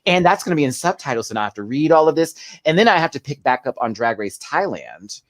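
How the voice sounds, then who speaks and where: A man appears as a guest on a podcast, telling stories in a casual, animated chat and acting out quotes along the way. His voice is fairly high and his pace quick, with no echo.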